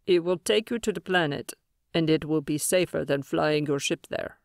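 A woman voicing a tall, solemn female alien leader who speaks slowly and formally in an audiobook. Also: low voice, vocal fry, darkish tone, no echo, clean studio sound. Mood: grave. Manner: slow, grave and formal. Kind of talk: audiobook character voice.

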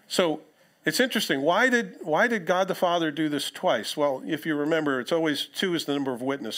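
Animated male pastor preaching. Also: fairly high pitch. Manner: expressive preaching, quoting scripture aloud with asides. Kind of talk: sermon. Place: church.

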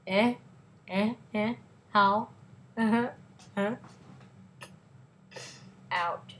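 A woman's voice: medium pitch, fairly even intonation, drawn-out words, fairly bright tone, a little hiss or hum, rough recording. A woman hosting a casual gameplay video, giddy and goofy, giggling often. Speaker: game video host.

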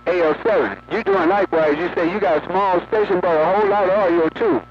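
A man's voice: sits high, fast talker. A talkative man chatting on the air in a folksy, repetitive way, one radio operator to others. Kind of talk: casual on-air radio chat. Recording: dull lo-fi radio with loud static.

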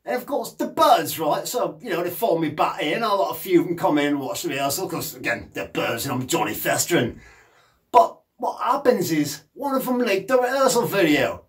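A man's voice: fairly high pitch, animated, normal speed, lightly acted. Man doing a punk rocker, brash, boozy, rambling, cheeky, bouncy intonation. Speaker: punk singer and guitarist. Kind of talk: comedic monologue in character.

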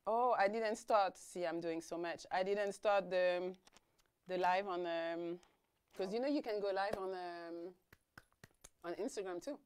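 A woman's voice: lowish voice, a little slow, clear, resonant tone. A woman hosting a casual live-streamed talk show, chatty and laughing, wearing a mic. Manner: chatty, laughing, talks over her guest. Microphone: mic'd up.

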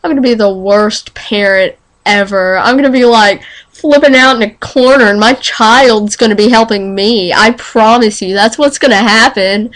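A teenage girl with a slight lisp from retainers, vlogging at home in a dramatic, excitable way. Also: on the high side, normal speed. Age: teens. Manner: excitable and dramatic, breaks into squealing panicked quotes. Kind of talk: casual vlog monologue.

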